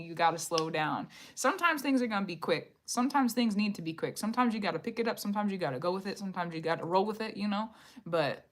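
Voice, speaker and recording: A woman hosting a live card-reading stream, talking straight to her viewers in a voice of middling pitch. She circles back over the same phrases as she muses, now and then sinking to a hushed whisper. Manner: repetitive, musing, talks to viewers directly.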